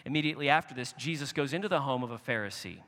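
A man preaching a sermon as pastor, expressive, rising and animated when he voices quoted speech. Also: mid-range voice, racing. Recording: long reverb of a hall.

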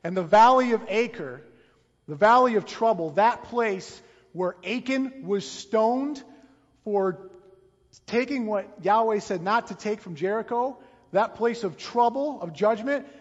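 A man's voice: sits high, measured pace. A man preaching a sermon, telling the story dramatically and often repeating words as he goes. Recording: long reverb, dull lo-fi sound.

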